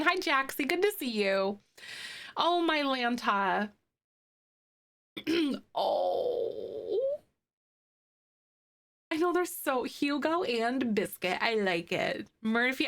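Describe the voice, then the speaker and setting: A young woman, chatting casually on a live stream and reading viewer comments, gushing and cooing over pet photos. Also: a little high. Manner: gushing, excitable, coos over pets.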